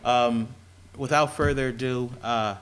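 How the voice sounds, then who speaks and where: Brief: male introducer at a campus talk, lighthearted and hesitant, middle pitch, faint background noise. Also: fairly even intonation, a bit bright. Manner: joking, halting delivery with many fillers. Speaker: presenter's husband introducing her. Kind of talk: introduction speech at a public event. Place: campus event venue.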